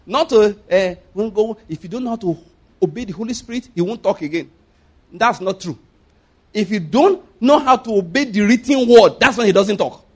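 A man preaching a sermon, lively and laughing often as he acts out voices. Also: high voice, normal speed, husky.

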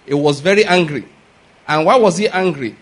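A man's voice: fairly high pitch, normal speed. A man preaching a sermon, emphatic and addressing the congregation directly with questions. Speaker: pastor.

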